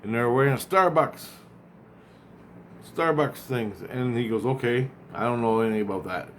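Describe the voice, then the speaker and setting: A man casually retells a dream, rambling and acting out both sides of the conversation while often halting and repeating words. His voice is mid-range, with a little hiss or hum in the recording.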